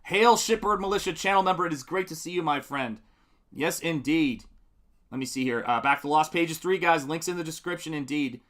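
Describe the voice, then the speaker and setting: This middle-aged man hosts a live painting stream, his voice on the high side, brisk and a bit bright. He rambles in a friendly way while working, answering viewer comments and laughing often.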